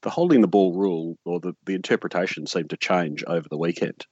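A man's voice: deep voice, quick pace, a little mellow. A man co-hosting a sports podcast, hesitant and dry in manner. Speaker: podcast co-host. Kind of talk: casual sports chat. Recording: dry, dull lo-fi mic.

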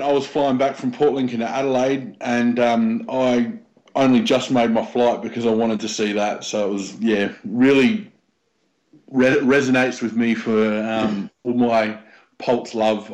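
A man chatting casually on a podcast, rambling and pausing on fillers. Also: mid-range voice, darkish tone, highs cut off. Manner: rambling with many ums. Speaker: podcast co-host. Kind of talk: casual chat.

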